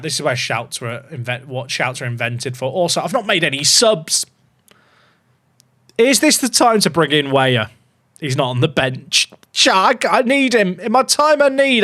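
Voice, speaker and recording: A man's voice: a little high, fairly bright tone. A man, chatting to his viewers while streaming a game, swinging between casual chat and mock panic. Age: 30s. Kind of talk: live-stream gaming chat.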